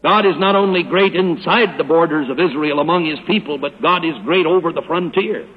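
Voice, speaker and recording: An older man preaches with emphatic, drawn-out stress on every verse he quotes. His voice sits high and a little husky. It comes through a dull, lo-fi old radio recording with a long hall reverb. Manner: emphatic, slows down to stress scripture. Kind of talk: sermon. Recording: hollow old radio broadcast with hall echo.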